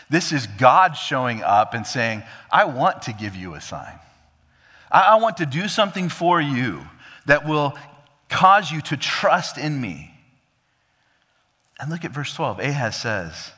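A man preaching an expository sermon, swinging from emphatic high peaks to low, quiet drops and acting out quoted dialogue. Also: sing-song, normal speed, long reverb tail. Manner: acts out quoted dialogue of God and king. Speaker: pastor.

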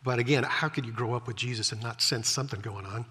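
A man's voice: medium pitch, quick pace, pushed and bright, breathy edge. A male preacher giving a conversational Bible-teaching sermon, chatty, with wry asides. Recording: long hall reverb.

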